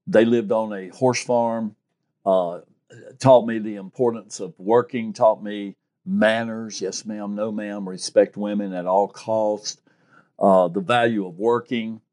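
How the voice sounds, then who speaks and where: A man's voice: on the low side, slow. A man who works as a private investigator, telling stories in an interview and acting out the quotes with life. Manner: animated storyteller, acts out quotes. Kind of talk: interview storytelling.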